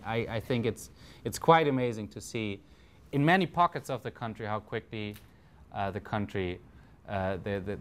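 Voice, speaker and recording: A man with a German accent giving a conference talk, hesitant, with many fillers and restarts. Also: lowish voice. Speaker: panel speaker.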